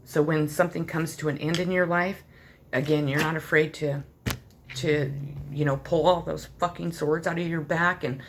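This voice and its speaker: A woman's voice: low voice, fairly even intonation, normal speed, background noise. A woman giving a tarot card reading to the viewer, speaking in an earnest, heartfelt way, loose and rambling with many fillers. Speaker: tarot reader.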